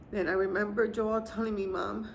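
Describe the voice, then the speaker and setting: A woman in her fifties, a grieving mother, telling the story of her son's death to camera in a soft, halting, tearful way. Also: fairly low pitch, gravelly, a little hiss or hum. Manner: soft, halting, tearful retelling with quiet pauses. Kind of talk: emotional personal testimony to camera.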